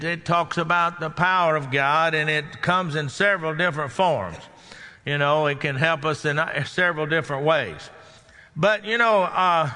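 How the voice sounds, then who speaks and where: A man's voice: high voice, sharp tone. A man preaching a folksy, conversational sermon and asking the congregation questions. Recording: long hall reverb.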